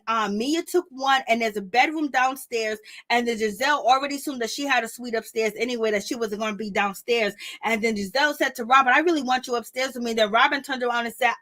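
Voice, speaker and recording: A woman's voice: sits high, fairly bright tone. A woman giving blunt, sassy commentary on a reality TV show, talking trash in a casual gossip style. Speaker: YouTube commentator.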